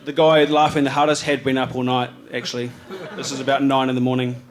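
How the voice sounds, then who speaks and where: A man's voice: medium pitch, flat delivery, quick pace. Laid-back New Zealand man presenting photos. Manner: rambling and laid-back, many ums and restarts, slangy. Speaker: photographer giving a talk about his slides. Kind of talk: casual live presentation. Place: live event venue with an audience.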